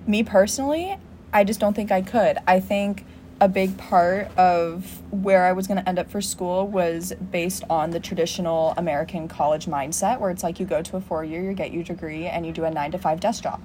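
A woman's voice: on the low side, fairly even intonation, fairly quick, warm tone, a little hiss or hum. Reflective young woman, casual podcast chat. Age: young adult. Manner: reflective, rambling with many "like" fillers. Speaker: podcast co-host.

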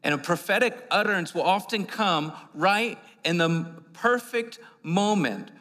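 A man's voice: sits high, a little slow, sharp tone. A man preaching a conversational sermon in a church, often repeating words and using fillers as he goes. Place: church sanctuary. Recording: long hall reverb.

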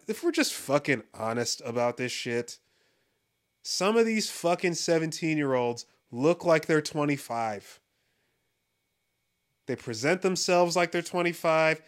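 A man's voice: on the high side, fairly bright tone. A man hosting a casual comedic monologue, swearing constantly, rambling and breaking into laughter. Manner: profane, rambling, laughs often.

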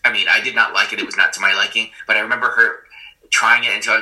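A man's voice: medium pitch, fast talker, pushed and bright, low-quality recording. A man, a school teacher, telling his own story in a conversational, self-deprecating way with many fillers. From Puerto Rican and Haitian family. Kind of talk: personal storytelling, testimony.

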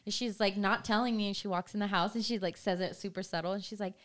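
Young woman cohost, chatty and giggly, says like a lot, middle pitch. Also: fast talker. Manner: giggly, animated storytelling with lots of "like". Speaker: podcast co-host. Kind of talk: casual chat.

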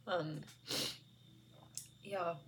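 A woman with a notably low voice reflects on scripture in a soft, earnest way. Her speech is gentle, sometimes drops to a whisper, and is full of "like" and "you know". A faint background hiss sits under her voice. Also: fairly even intonation, drawn-out words. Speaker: devotional video host. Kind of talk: reflective Bible commentary.

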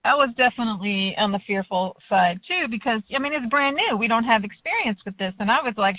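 Woman w/ a slightly high voice musing in a chat, dry thin phone sound. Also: animated, a little fast, hardly any pauses, dry recording. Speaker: conversation partner. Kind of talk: casual chat. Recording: dry, tinny phone-like line.

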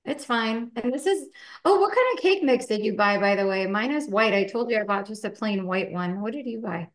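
A woman's voice: fairly high pitch, lively intonation, fairly quick, echoey room. A woman co-hosting a casual chat while she bakes at home, talking in a loose way with lots of fillers and laughs. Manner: chatty, many fillers, laughs often. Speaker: podcast co-host.

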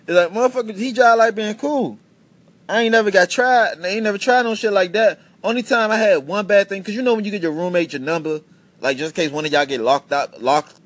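A man in his twenties hosts his own podcast solo, ranting casually and rambling through stories in an animated, profane way, constantly breaking off and restarting sentences. His voice sits a little high for a man, and the recording is dry.

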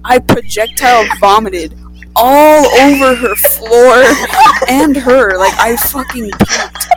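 A teenage girl telling a story in casual chat, rambling and swearing, with quick asides. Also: on the high side, over loud music, rough recording. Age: teens.

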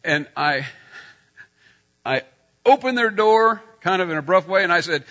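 A middle-aged man preaching a sermon, telling a personal story and getting loud when he acts out scenes. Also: sits high, animated, normal speed, long pauses, highs cut off.

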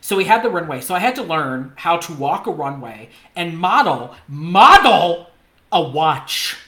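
A man co-hosting a podcast, telling a story in a casual, animated way, laughing often and mimicking the people in it. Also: fairly high pitch, moderate pace. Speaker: podcast co-host. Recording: roomy echo.

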